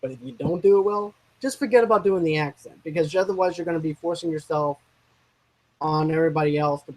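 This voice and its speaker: A man's voice: fairly high pitch, fast talker, darkish tone, poor audio. A man co-hosting a casual movie discussion, rambling and restarting his sentences as he works through his opinions. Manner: rambling, restarts and trails off mid-thought. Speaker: co-host of a movie discussion channel.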